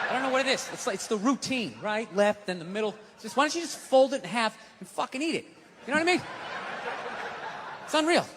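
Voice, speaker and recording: Profane, ranting stand-up comic, high voice. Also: male voice, expressive, quick pace, crowd noise. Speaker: stand-up comedian. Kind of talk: stand-up routine. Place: large live venue. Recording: live hall with audience.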